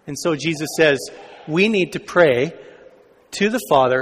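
Pastor guy preaching, chatty, slightly high voice, big echoey church. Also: animated, unhurried, pauses often, fairly bright tone. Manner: conversational, asks the congregation questions. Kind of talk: sermon.

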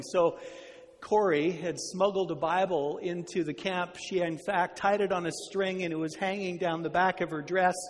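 An earnest male preacher telling a story in sermon, slowing on words he wants to land. His voice is a touch high-pitched. A long hall reverb trails each phrase. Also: fairly even intonation. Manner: earnest, slows down for emphasis.

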